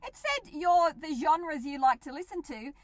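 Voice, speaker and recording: Chatty Australian woman, high voice. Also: moderate pace, dry recording. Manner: chatty and animated, laughs often. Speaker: radio show regular. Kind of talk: casual radio chat.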